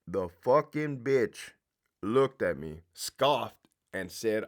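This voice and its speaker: A middle-aged man spins blunt, profanity-laced stories from his prison days, and his pitch rises and falls with lively swings. His delivery is casual, direct and animated. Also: slow pace. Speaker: former prison sergeant telling stories. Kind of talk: casual storytelling monologue.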